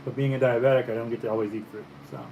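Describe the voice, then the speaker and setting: A man from the Caribbean, a painter, chatting casually over breakfast in a relaxed, musing storytelling way. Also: mid-range voice, rapid-fire, poor audio. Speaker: painter and vlogger. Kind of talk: casual breakfast vlog chat. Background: faint fan hum.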